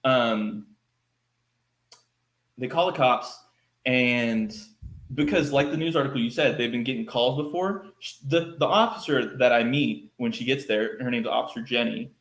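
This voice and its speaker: A man from Texas tells a story as a podcast guest, loose and animated, leaning on fillers as he acts out what people said. His voice sits at a middle pitch for a man. The room around him is noticeably echoey. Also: moderate pace. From Texas, United States. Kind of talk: casual storytelling. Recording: roomy echo.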